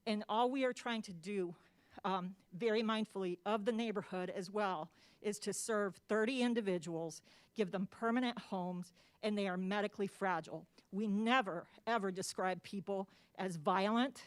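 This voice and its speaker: A woman's voice: medium pitch, normal speed. A woman giving an impassioned public comment at a city council meeting, emphatic and openly emotional, repeating key phrases to drive her point home. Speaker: public commenter advocating for a housing project.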